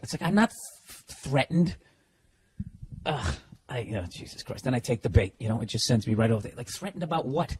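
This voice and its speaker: A man's voice: mid-range voice, sing-song, brisk, a little mellow, husky. A middle-aged man hosting a podcast, delivering a profane, sarcastic, rambling comedic rant. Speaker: podcast host. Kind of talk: ranting comedic monologue.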